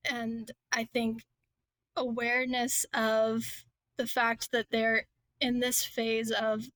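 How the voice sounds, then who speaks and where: A woman guest on a podcast, talking earnestly and quickly in casual chat, with small laughs between thoughts. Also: a little high, a bit bright, no room sound. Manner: quick, earnest, laughs lightly mid-sentence. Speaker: podcast guest, children's book author.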